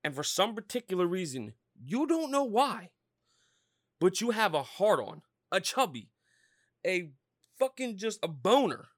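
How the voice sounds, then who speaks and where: A man hosting a podcast, ranting about sports in a loud, profane, rambling way. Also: high voice, big pitch swings, a little slow, no room sound, studio quality. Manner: loud, swearing, rambling and fired-up. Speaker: podcast host.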